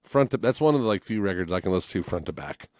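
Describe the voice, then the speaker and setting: A man's voice: low-pitched, very animated, very fast, a little mellow, no room sound, studio quality. A man in his forties, a musician guest on a podcast, telling stories casually, acting out voices and swearing freely. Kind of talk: casual storytelling chat.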